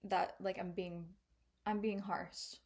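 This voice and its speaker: Young woman podcast cohost, middle pitch, thoughtful, lots of likes and ums. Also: level tone, slow pace, darkish tone. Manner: reflective, hesitant, filler-heavy. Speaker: podcast co-host. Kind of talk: casual chat.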